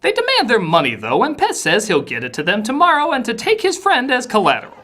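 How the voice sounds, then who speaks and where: Sarcastic man with wildly swinging pitch. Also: big pitch swings, quick pace. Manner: sarcastic, exasperated, bursts into shouting. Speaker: host, film reviewer. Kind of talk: scripted comedic review narration.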